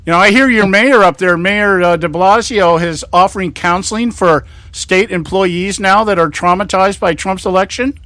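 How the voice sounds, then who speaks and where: A man tells his stories with a high pitch and laughs often at his own jokes. His voice sounds close and dry, with no room around it. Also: normal speed, hardly any pauses, no room sound. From California. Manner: animated storytelling, acts out quoted exchanges. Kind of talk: casual political chat.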